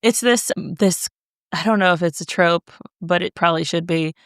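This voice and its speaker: A woman's voice: on the low side, normal speed, dry recording, studio quality. A woman hosting a podcast interview in a casual chat, talking expressively and laughing readily. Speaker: podcast host.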